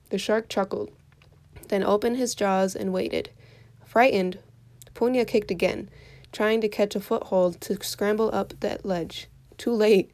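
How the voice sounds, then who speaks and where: A woman reading a folktale aloud for children in an expressive storytelling voice. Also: mid-range voice, unhurried.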